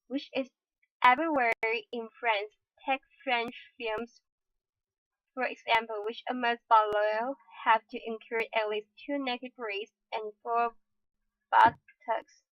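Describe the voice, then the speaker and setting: A woman reads a scripted narration in a fairly high voice, taking her time over each phrase. She stops now and then to correct herself mid-word. The recording is dry and dull, with a lo-fi sound. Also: fairly even intonation, no echo. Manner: deliberate reading with frequent self-corrections.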